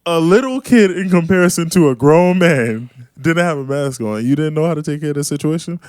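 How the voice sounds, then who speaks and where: A man with a New York accent, co-hosting a casual podcast chat and talking in an animated, exclaiming way. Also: a little high, a little fast, clean tone, dry recording, studio quality. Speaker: podcast co-host.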